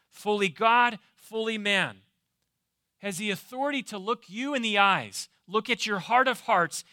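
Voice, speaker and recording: A man's voice: sits high, pushed and bright, no echo, clean studio sound. A man preaching a sermon as pastor, emphatic, asking rhetorical questions and repeating key phrases. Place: church.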